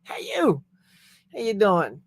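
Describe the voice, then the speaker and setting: A man's voice: sits high, huge pitch swings, slow pace, husky. A man hosting a casual pop culture live stream from his home setup, talking in a goofy, upbeat way into a desktop USB microphone. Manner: goofy, upbeat, reads viewer chat aloud. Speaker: host of a pop culture livestream. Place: home setup in Southern California.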